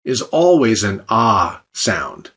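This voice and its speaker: A man's voice: on the low side, big pitch swings, slow pace, fairly bright tone, slightly rough. A man narrating a scripted language lesson, explaining step by step with light, dry jokes. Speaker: language teacher.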